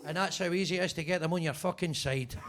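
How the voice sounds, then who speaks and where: High-voiced brash comic. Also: male voice, fast talker, fairly bright tone. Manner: brash, swearing, teasing the audience. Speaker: stand-up comedian. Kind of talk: stand-up crowd work. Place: basement comedy club.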